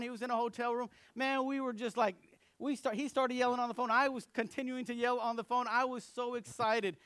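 Young male preacher, high voice, dry close sound, animated storytelling sermon. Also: a little fast, dry recording. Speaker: pastor.

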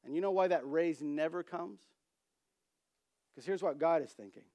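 A man's voice: fairly high pitch, normal speed, long pauses. A man preaching a sermon, telling humorous stories and acting out the characters' voices. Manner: storytelling, acts out quoted voices, animated emphasis.

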